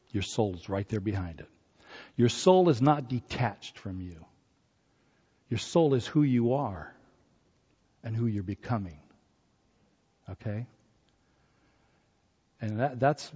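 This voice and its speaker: A man preaching a sermon, lively and acting out voices from scripture. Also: medium pitch, husky. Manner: animated, acts out biblical voices. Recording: dull recording in a hall.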